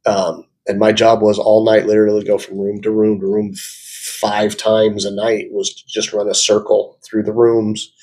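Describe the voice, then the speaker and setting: A man's voice: fairly low pitch, monotone, normal speed, few pauses, darkish tone. A man hosting a reaction video, chatty and opinionated, with frequent fillers as he shares his views. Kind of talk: casual reaction commentary.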